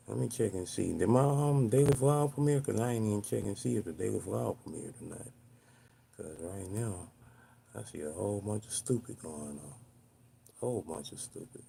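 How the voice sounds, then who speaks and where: A man hosting a casual live stream from home, chatting with viewers and ranting in an animated, exasperated way full of slang. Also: medium pitch, normal speed, creaky, pauses often, slight background noise.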